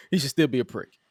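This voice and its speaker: Animated man hosting a wrestling chat. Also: mid-range voice, husky. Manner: animated, acts out quotes with exasperation. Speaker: podcast host. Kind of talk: casual wrestling review chat.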